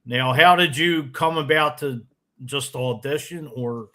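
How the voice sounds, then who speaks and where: A man hosting an interview, asking rambling, halting questions. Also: on the high side, pushed and bright. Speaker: show host. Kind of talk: casual interview talk.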